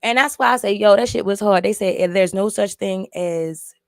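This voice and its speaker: Gravelly, profane woman recapping a movie. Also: mid-range voice, normal speed, no echo, clean studio sound. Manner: profane, emphatic storytelling with repeats. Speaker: movie reviewer. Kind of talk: casual movie recap and commentary.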